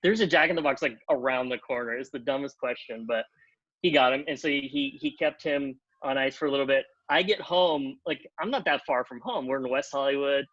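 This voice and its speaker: A man telling a long anecdote on a podcast, animated, acting out the other people in pitched-up voices and leaning on "like" as he talks. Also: brisk, no room sound, highs cut off. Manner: animated, acts out quotes in pitched-up voices, many "like" fillers. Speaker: podcast guest, TV comedy writer. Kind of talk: casual storytelling.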